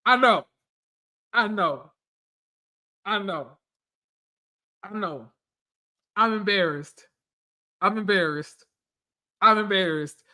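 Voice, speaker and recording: A woman's voice: mid-range voice, takes it slowly, long pauses, bright, forceful tone. A woman giving casual, profane reality TV commentary, blunt and repeating phrases for emphasis.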